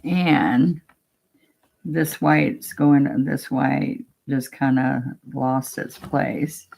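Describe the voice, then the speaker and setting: A woman's voice: extremely low pitch, fairly even intonation, very slow, vocal fry. A woman teaching a painting demo, chatting casually step by step and talking to herself as she works. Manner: chatty, talks to herself while working, gently coaxing. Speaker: painting instructor.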